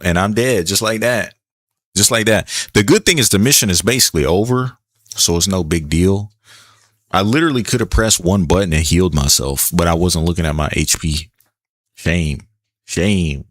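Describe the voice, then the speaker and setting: Laid-back deep-voiced man streaming a game. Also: fairly bright tone, no echo, studio quality. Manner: laid-back, chatty, reads chat aloud. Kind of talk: casual gameplay commentary.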